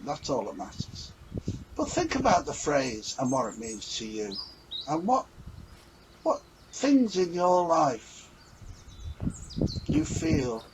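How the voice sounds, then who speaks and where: A man's voice: medium pitch, noisy background. A man talking earnestly and a little ramblingly in a casual reflective vlog. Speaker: vlogger.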